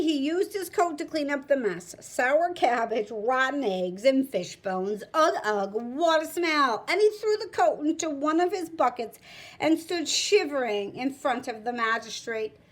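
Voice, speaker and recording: Teacher reading aloud, woman, high and lively, unhurried, explains vocabulary as she goes. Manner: expressive, pauses to explain words. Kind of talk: reading a story aloud to students.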